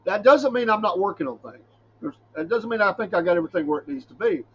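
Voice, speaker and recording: A man's voice: high-pitched, lively intonation, fast, lo-fi sound, slight background noise. A middle-aged man, a preacher hosting a podcast, talking in a folksy, rambling way and laughing often. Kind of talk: casual solo podcast talk.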